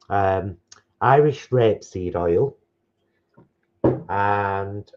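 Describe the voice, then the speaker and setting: A man's voice: medium pitch, darkish tone, lo-fi sound. A man, co-hosting a casual live stream from home and rambling chattily through his day. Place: home, at a table.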